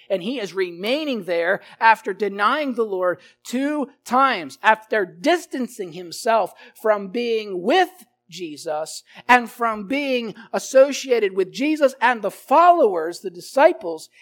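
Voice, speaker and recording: A man's voice: high voice, a bit bright. A man preaching an expository sermon, emphatic, swelling and dropping in volume and repeating his phrases.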